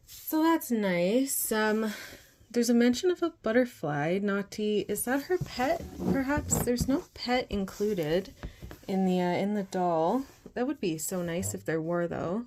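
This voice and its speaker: Woman, young adult, doll unboxing vlog, earnest careful tone, mid-pitched voice, soft whispered asides. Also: animated, measured pace. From northern Canada. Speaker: doll collector and vlogger.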